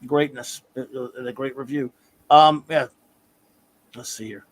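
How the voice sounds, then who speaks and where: A man's voice: mid-range voice, steady tone, a little slow. A man hosting a casual review podcast, talking loosely with lots of ums and restarts. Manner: loose, filler-heavy, meandering. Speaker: podcast host.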